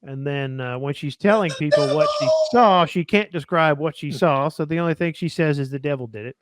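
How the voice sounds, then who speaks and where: A man's voice: fairly high pitch, moderate pace, very noisy. A man hosting a casual film discussion, rambling with many fillers and restarts. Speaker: podcast host.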